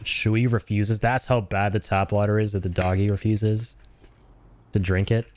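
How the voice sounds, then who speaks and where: A man's voice: on the low side, steady tone, moderate pace, a little mellow, slight background noise. A young Canadian man with a Canadian accent, streaming a game and chatting casually with viewers, swearing freely. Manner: laid-back, swears, chats with viewers. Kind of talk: casual gaming stream chat.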